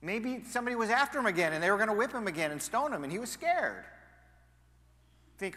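Male pastor, sermon delivery, high and lively, bright tone, roomy church reverb. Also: quick pace, long pauses. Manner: animated, swings between loud emphasis and quiet asides. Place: church sanctuary.

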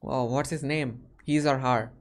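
A man's voice: medium pitch, fairly even intonation, unhurried. A man from India hosting casual video chats with strangers and asking lots of short, curious questions over a video call. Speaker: host.

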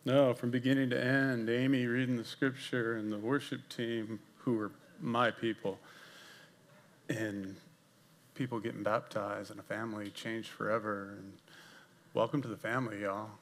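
A man's voice: mid-range voice, normal speed, a little hiss or hum. A man serving as executive pastor, preaching a casual, self-deprecating sermon to his congregation in a church. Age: older. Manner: jokey, self-deprecating, animated with asides to the congregation. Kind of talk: conversational sermon. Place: church sanctuary.

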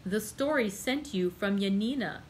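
A woman's voice: medium pitch, lively intonation, a little slow, a little hiss or hum, close to an everyday voice. A woman reading the part of a proud young male viscount who speaks coldly and formally in a storybook reading. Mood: indignant. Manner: cold, formal, insistent.

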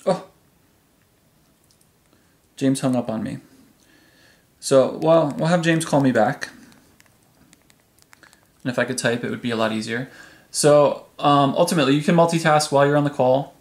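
A man's voice: medium pitch, moderate pace, pauses often. Chatty man demoing a phone app. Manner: chatty, relaxed, frequent ums. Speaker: tech video host. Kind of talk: casual product demo. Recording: echoey room.

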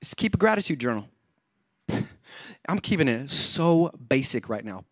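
A man preaching a humorous sermon as pastor, energetic and joking, often acting out everyday complaints. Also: mid-range voice, unhurried, no echo. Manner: energetic, joking, self-described overcaffeinated; acts out everyday complaints in quoted voices.

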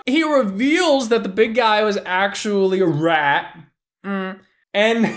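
An excitable young man chatting casually as a podcast host, his voice on the high side. He talks in an animated, loose way, with plenty of swearing. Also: slow pace. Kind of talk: excited casual book talk.

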